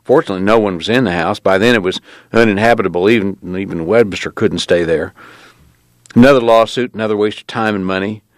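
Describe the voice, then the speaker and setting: A man's voice: on the low side, fast, dry recording, close to an everyday voice. A man voicing a matter-of-fact local man recounting a family's tragedy. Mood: grim.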